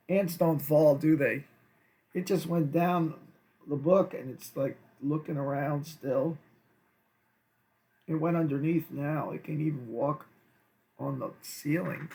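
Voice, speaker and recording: A man's voice: fairly high pitch, creaky, fairly bright tone. A man teaching a recorded math lesson to second graders, chatty and playful, with jokey asides.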